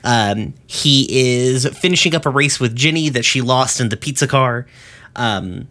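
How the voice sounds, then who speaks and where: Bright-voiced man recapping casually. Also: medium pitch, animated, unhurried. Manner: rambling, profane, lots of fillers. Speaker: podcast host.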